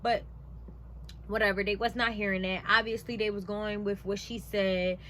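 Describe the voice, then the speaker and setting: A woman's voice: mid-range voice, moderate pace, slight background noise. A young woman vlogger telling a personal story in a casual, emphatic way, with a lot of "like" and "blah, blah, blah.". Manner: animated, emphatic, conversational; frequent "like" and "blah, blah, blah".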